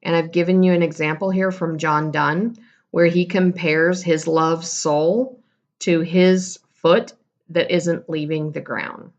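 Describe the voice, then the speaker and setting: Gravelly-voiced woman teacher, lo-fi. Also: lowish voice, steady tone, slow. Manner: casual, explanatory, self-correcting. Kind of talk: recorded classroom lesson.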